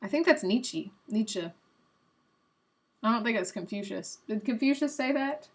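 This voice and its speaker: A young adult woman hosting a live stream, chatting casually and guessing out loud while she plays a quiz game, a little self-mocking. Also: on the high side, a little fast.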